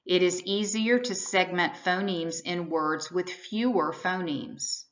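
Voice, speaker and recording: A woman giving scripted instructional narration, explaining in a measured, explanatory way how to teach sounds. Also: fairly low pitch, steady tone. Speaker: reading instructor. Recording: slightly dull, lo-fi voice-over.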